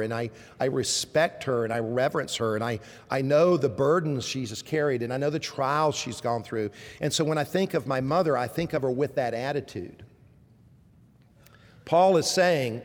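A middle-aged man with a Southern American accent preaching a sermon, moving between emphatic exhortation and soft, tender asides. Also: a little high, big-room sound. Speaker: pastor.

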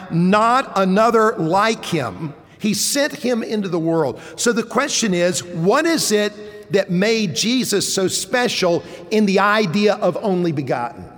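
A man delivers a sermon in a high, measured voice, leaning on key words for emphasis. He takes his time with each phrase. His voice rings with the long reverb of a church sanctuary. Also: fairly bright tone. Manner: deliberate, emphatic preaching. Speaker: pastor.

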